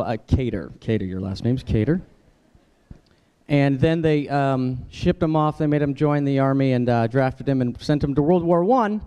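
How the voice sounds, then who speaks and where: A man's voice: a little mellow, smooth. Man comedian, stand-up set at a dinner, easy chatty delivery, slightly raised voice. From United States. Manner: conversational, jumps into high-pitched character voices for quoted people. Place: dinner event hall, live audience.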